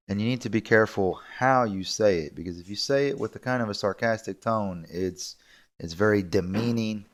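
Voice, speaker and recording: A man with a lowish voice teaches an English video lesson. He explains in a relaxed, repetitive way, walking students through phrases step by step.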